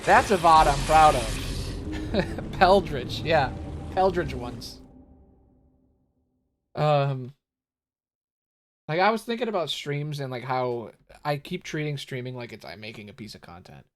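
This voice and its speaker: A man's voice: a little high, lively intonation, slow pace, pauses often. A man streaming a video game, rambling jokily and getting exasperated at a boss he cannot beat. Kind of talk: casual gameplay commentary. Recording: audible background noise.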